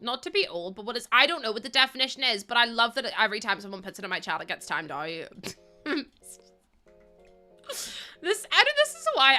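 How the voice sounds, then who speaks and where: Very bright, giggly woman streamer. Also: a little high. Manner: chatty, giggly, self-mocking. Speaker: livestreamer. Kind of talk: casual chat with viewers while playing a game.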